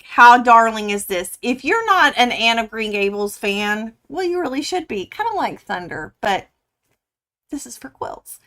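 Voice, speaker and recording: Gushing, bright-voiced woman quilter. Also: a little high, a little slow. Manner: gushing, excitable, chatty with viewers. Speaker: quilting livestream host. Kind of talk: casual live stream chat. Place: home quilting studio.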